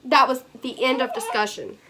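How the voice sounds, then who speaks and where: Bright, high-voiced young woman vlogger. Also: moderate pace, a little hiss or hum. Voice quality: hoarse. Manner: animated, rambling with many fillers. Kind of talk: storytime vlog.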